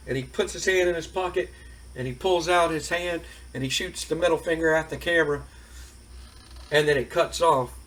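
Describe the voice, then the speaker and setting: Man, game host, casual rambling narration, fairly high pitch. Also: moderate pace, a bit bright. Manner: rambling, colloquial storytelling with fillers.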